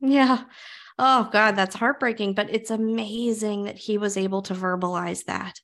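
Calm, reflective woman podcast host. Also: mid-range voice, normal speed. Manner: calm and reflective, repeats phrases for emphasis. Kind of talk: conversational podcast interview.

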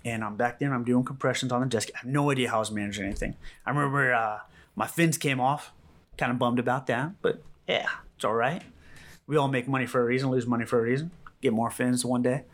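A man, a rescue medic, giving a calm first-hand account in an interview, halting and full of fillers and repeats. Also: mid-range voice.

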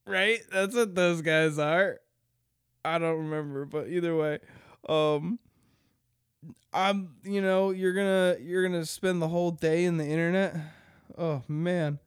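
A man's voice: fairly high pitch, steady tone, measured pace, smooth, dry recording, clean studio sound. A young man hosting a podcast alone, rambling casually with crude jokes and frequent laughter. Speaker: podcast host. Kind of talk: casual solo podcast chat.

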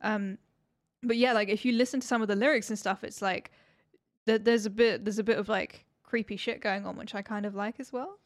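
A woman talks casually and freely, stringing thoughts together with fillers and the odd swear. Her pitch sits in the middle for a woman. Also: fairly even intonation, a little fast, dry recording, clean studio sound. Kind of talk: casual chat.

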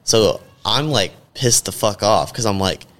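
A man's voice: on the low side, unhurried, fairly bright tone. A man in casual podcast chat, telling a rambling, profane story full of fillers.

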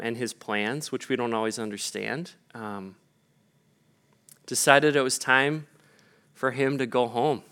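This pastor from Minnesota has a mid-range, sharp-toned voice. His sermon is chatty and story-driven, packed with fillers and restarts.

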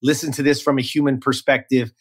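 A man's voice: mid-range voice, level tone, brisk, breathy edge. A man hosting a podcast interview, enthusiastic and hype-building, often repeating words as he talks. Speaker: podcast host.

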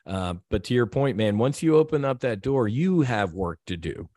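A man's voice: medium pitch, sing-song, normal speed, a little mellow, no echo. A man guest on a podcast, telling a personal story in an earnest, heartfelt way, with many restarts and repeated words.

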